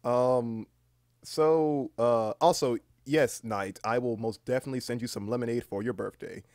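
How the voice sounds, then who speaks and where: A man chatting casually on a live stream, rambling and swearing freely, reading aloud haltingly with lots of fillers. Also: mid-range voice, steady tone, a little mellow, no echo, studio quality. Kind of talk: casual livestream chat.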